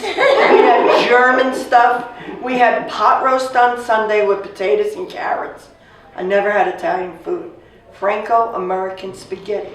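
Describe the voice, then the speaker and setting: A woman in her sixties casually telling a family story, animated and acting out the voices of the people she quotes. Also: mid-range voice. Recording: echoey room, distant mic, faint noise.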